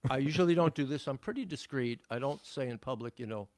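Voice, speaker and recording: A man with a New York accent, a podcast guest who speaks in a measured, well-spoken way, sometimes with formal wording. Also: mid-range voice, a little mellow. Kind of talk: casual interview chat.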